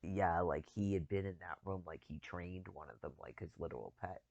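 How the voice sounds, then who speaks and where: A man's voice: deep voice, fairly quick, creaky, darkish tone, dry recording, lo-fi sound. A man in casual chat, rambling and chuckling as he talks, with loose, profane phrasing.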